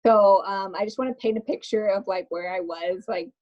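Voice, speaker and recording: A woman talks as a podcast guest in a loose, chatty storytelling manner, breaking into quick laughs and leaning on filler words. Her voice sits at an ordinary middle pitch. The recording is muffled and lo-fi. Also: a little mellow. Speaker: podcast guest, makeup artist. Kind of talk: casual storytelling interview.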